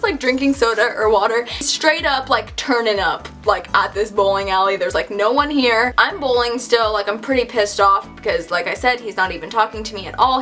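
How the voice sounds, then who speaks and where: A young woman tells a story straight to camera in a slightly high voice, scattering "like" through every sentence. She is animated and exasperated. Faint music plays in the background. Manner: chatty, filler-heavy with frequent "like". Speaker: vlogger. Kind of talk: casual storytime chat.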